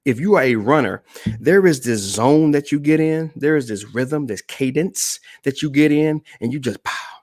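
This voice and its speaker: On a live-stream broadcast, a man speaks as a motivational speaker in a fairly high, darkish voice with lively intonation at normal speed. He's emphatic, repeats key phrases, and addresses the audience directly.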